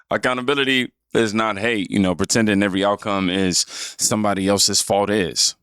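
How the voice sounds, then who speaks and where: A man in his thirties hosting a reaction channel, commenting calmly and reflectively. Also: on the low side, normal speed, clean tone, dry recording, studio quality.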